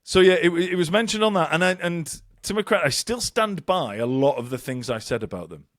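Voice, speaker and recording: A man's voice: a little high, animated, fairly quick, no echo, studio quality. Rambling self-mocking man. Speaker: podcast co-host. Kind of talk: casual chat.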